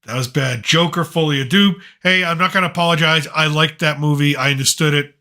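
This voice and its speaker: A man's voice: on the high side, fairly quick, bright, forceful tone. A middle-aged man hosting a casual chat, rambling and opinionated with plenty of fillers. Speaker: podcast host, father.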